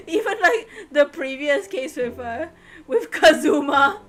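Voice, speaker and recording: Giggly high-voiced woman streamer. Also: a bit bright. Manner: giggly, sassy, exclamatory. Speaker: game streamer. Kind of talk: live game stream commentary.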